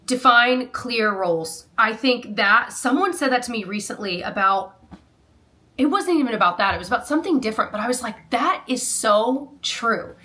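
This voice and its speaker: A woman's voice: fairly high pitch, animated, fairly quick, pushed and bright. A woman in her thirties chatting casually to her viewers while doing chores, rambling and self-deprecating. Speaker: lifestyle vlogger.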